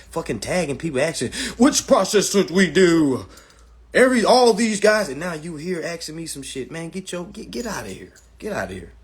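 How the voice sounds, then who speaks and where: A man in the middle of a casual live stream, talking to his chat in a blunt and profane way. His voice sits at an ordinary pitch, and he rants at the viewers as he goes, recorded on a phone. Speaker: live-stream host teaching a class.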